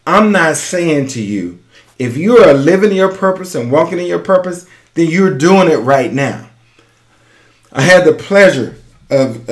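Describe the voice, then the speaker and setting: A man's voice: medium pitch, echoey room. A man hosting a podcast, giving an urgent, emphatic motivational talk and repeating his key phrases. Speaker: podcast host and business coach.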